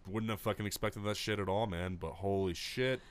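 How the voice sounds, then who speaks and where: A man from Utah telling profane stories in a casual podcast chat, acting out quotes loudly. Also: lowish voice, fairly even intonation, brisk, smooth. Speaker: podcast co-host.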